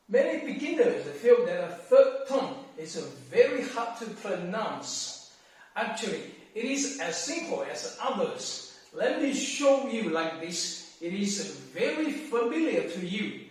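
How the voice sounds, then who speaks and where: Slow, echoey man teaching. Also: sits high, sing-song, distant mic. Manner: careful, deliberate, drawn-out syllables in demonstrations. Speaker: language teacher. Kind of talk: slow explanatory lesson. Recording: very echoey room, off-mic.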